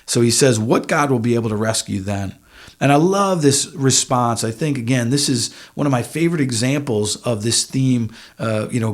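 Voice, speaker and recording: Church podcast teacher, male, mid-pitched, relaxed conversational scripture teaching with emphatic lifts. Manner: conversational, with frequent "uh" and emphatic rises. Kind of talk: casual Bible teaching.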